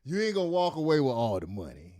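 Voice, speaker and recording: A man hosting a casual celebrity gossip show, reading news aloud with animated, profane commentary and frequent laughter. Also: mid-range voice, quick pace. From the Bronx. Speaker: podcast host.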